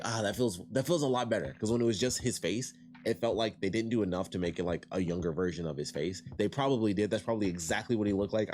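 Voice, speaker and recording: A man casually reviewing an animated series, retelling scenes in a rambling way and quoting lines in his own voice. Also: low-pitched.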